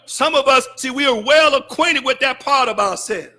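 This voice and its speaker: High, bright-voiced man preaching fervently. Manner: fervent preaching with shouted bursts; mocks excuses in wry, drawn-out asides. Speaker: student minister. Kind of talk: sermon. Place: mosque.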